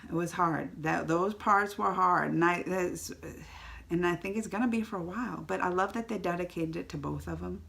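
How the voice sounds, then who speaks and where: A woman giving a casual, emotional vlog movie review to the camera, chatty and quick to tear up or laugh. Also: fairly low pitch, creaky, fairly bright tone.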